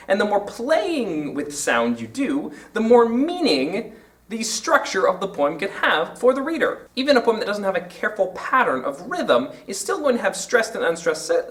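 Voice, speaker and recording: A man hosting a literature lesson to camera, explaining in an animated way and tapping out rhythms aloud. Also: high voice, distant mic. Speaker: teacher and channel host.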